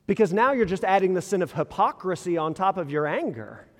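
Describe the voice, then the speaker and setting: A man preaching a sermon in a casual, conversational way, full of rhetorical questions and quick restarts. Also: sits high, lively intonation. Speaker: pastor. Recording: long reverb in a large hall.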